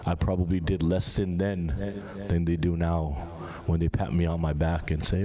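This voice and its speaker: A young man giving an informal sermon to a large gathering, talking to the audience in a conversational way and asking them questions. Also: normal speed. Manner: conversational, asks the audience questions, animated rises in pitch. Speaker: speaker at a Muharram gathering. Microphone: handheld microphone. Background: crowd of listeners.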